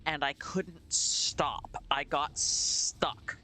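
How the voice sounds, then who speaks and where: A man's voice: on the high side, fairly even intonation, extremely slow, sharp tone. A man from Pennsylvania, a streamer chatting casually while gaming, telling stories animatedly and laughing often. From Pennsylvania, USA.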